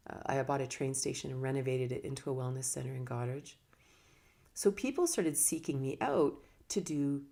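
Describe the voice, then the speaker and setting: A woman's voice: low-pitched, gravelly, dark tone. A woman yoga and meditation teacher talking casually about teaching, her voice swooping up and down as she talks with her hands. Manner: laughs now and then. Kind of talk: casual reflective talk.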